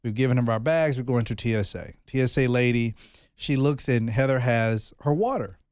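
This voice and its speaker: A podcast co-host with a medium-pitched voice tells a story at normal speed in casual conversation, animatedly acting out the people in it. The sound is clean, echo-free and studio quality.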